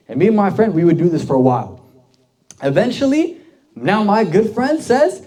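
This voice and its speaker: A man's voice: fairly high pitch, sing-song, fairly quick, a little mellow. A young man, a deacon, giving a casual storytelling sermon to a youth group, talking conversationally with many fillers and questions to the audience.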